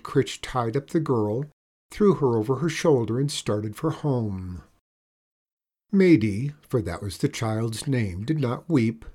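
Husky man reading a storybook. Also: medium pitch, a little mellow. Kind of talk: storybook read-aloud.

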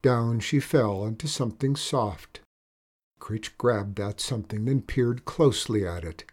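A man reading a children's story aloud in a steady, measured way. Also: fairly low pitch.

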